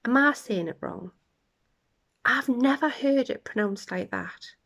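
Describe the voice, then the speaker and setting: A woman hosting a casual podcast, chatting with laughter and dropping into quiet asides. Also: on the high side, animated, measured pace. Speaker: podcast host. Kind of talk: casual chat.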